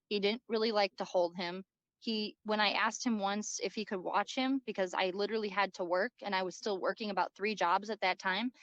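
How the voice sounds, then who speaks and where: A woman guest giving a personal first-person account, halting and repeating herself, with lots of likes and ums. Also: medium pitch, a bit bright, no echo. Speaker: interview guest. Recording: dull lo-fi dry recording.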